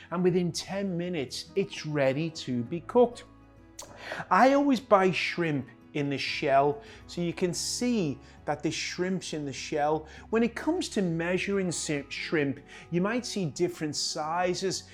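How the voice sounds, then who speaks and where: A man hosting a cooking demonstration, chatty and joking, often talking to his cameraman. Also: a little high. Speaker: chef hosting a cooking show.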